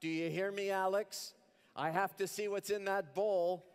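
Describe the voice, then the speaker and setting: A man's voice: high voice, fairly even intonation, moderate pace, clear, resonant tone, long reverb tail, pitched above the performer's own voice. A man reading aloud and voicing a nagging, anxious middle-aged mother in a raised, pleading voice.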